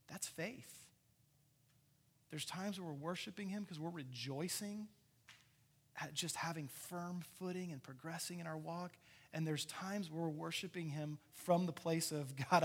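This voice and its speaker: A man preaching a sermon in a casual, conversational way, swinging between loud excitement and soft, intimate passages. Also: a little high, breathy edge. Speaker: pastor.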